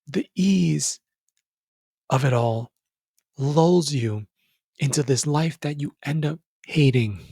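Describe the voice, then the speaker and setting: A young man hosting a podcast, giving a casual, earnest motivational talk that addresses the listener as brother and jumps up in pitch when he stresses a point. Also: takes it slowly, vocal fry, long pauses, warm tone, husky, dry recording, clean studio sound. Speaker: podcast host. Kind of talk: motivational monologue.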